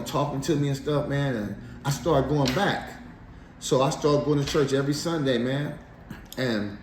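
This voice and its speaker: A man telling his life story in a casual interview, animated and slangy, laughing as he goes. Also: medium pitch. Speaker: interview guest. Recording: echoey room, faint background noise.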